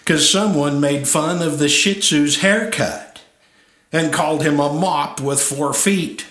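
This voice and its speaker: A man's voice: fairly high pitch, takes it slowly, a bit bright, echoey room. A man reciting rhymed cowboy poetry in a storytelling way. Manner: storytelling with playful put-on accents.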